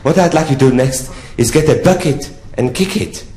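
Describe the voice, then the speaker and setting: A drag performer voicing an elderly French count who speaks in a slow, flowery French accent. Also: male voice, mid-range voice, warm tone, voice pushed up, natural voice. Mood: swooning. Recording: echoey theatre with audience ambience.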